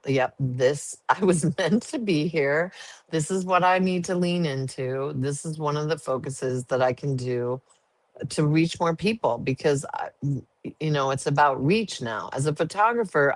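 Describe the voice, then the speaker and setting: A woman's voice: deep voice, dry recording. A woman guest sharing her story in an interview, earnest and emotional. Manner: earnest, emotional, laughs easily.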